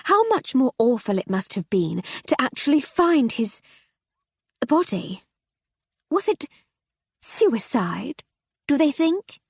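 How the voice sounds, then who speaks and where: A woman voicing a domineering, gaudy upper-class wife in her fifties with a shrill, sharp way of talking. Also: very animated, slow pace, creaky, long pauses, husky, no room sound, clean studio sound, full character voice. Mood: sharp, fussing.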